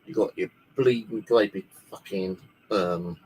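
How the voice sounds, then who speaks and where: Man, lowish voice, rambling casual storytelling, swears a lot, faint hiss. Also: unhurried, darkish tone, poor audio. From United Kingdom. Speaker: paranormal channel host. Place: his bedroom at home.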